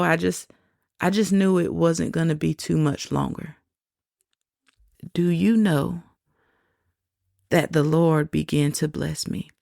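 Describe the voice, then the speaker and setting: A woman shares a personal faith story on her podcast, speaking slowly and reflectively. Her voice has a gravelly texture, and the dry, close recording carries almost no room sound. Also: on the low side, no room sound. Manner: slow, reflective storytelling with soft laughs. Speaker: podcast host.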